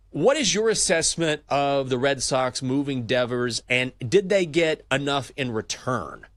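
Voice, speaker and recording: A man hosting a morning sports betting show, chatting and telling stories in a lively, casual way. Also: on the high side, dry recording, studio quality. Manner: chatty storyteller, energetic. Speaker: show host.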